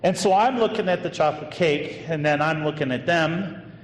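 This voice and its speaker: A male pastor preaches in a relaxed, anecdotal way, tossing in casual fillers as he tells a story. His voice sits a bit high and rings out through a large hall with a long echo and faint noise behind it. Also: normal speed. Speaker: associate pastor. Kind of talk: sermon storytelling.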